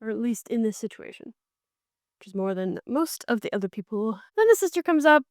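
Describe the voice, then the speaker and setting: A woman with a fairly high, smooth and resonant voice gives a chatty book recap as a podcast host. She talks in an animated way, jumping into the characters' lines. The recording is close and dry, with no room sound. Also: a little fast, no echo.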